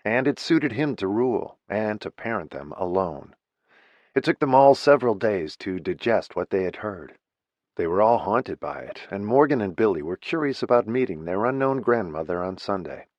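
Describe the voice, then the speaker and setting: A low-pitched man reading a novel aloud, steady and even. The recording is very dry with no room sound. The sound is slightly dull. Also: normal speed, no echo. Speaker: audiobook narrator. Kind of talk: scripted narration.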